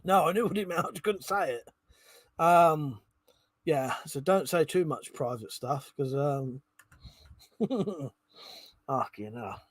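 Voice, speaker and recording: Drunk streamer, rambly and sweary, slightly high voice, dry room. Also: male voice, animated, slow pace, pauses often, slightly rough, dry recording. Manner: rambling, swears a lot, laughs often. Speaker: live stream host. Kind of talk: casual live stream chat. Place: indoors at home.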